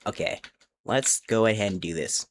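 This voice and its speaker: A man's voice: on the low side, normal speed, slight background noise. A young man streaming from home on a desk mic, rambling casually to his chat while he builds in a game. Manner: rambling and chatty, talks to chat, counts aloud under his breath. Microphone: desk mic with headphone monitoring.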